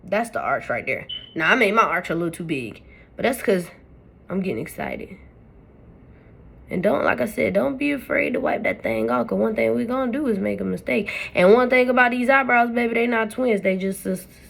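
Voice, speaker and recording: A woman's voice: mid-range voice, expressive, a little fast, creaky. A woman hosting a makeup tutorial, talking to her viewers in a chatty, playful way. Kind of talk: casual step-by-step tutorial talk.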